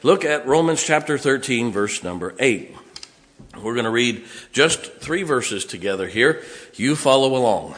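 A man's voice: medium pitch, expressive, measured pace. Man preaching in a reverberant hall. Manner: emphatic preaching, reading scripture aloud with asides. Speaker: pastor. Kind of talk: sermon.

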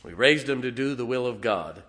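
A middle-aged man preaching a sermon as pastor, folksy and halting, with many fillers. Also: mid-range voice, lively intonation, a bit bright, in a large hall. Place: church sanctuary.

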